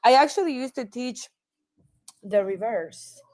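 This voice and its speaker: A woman's voice: a little high, lively intonation, measured pace, darkish tone. A woman guest in a casual chat, telling a story in a chatty, giggly way.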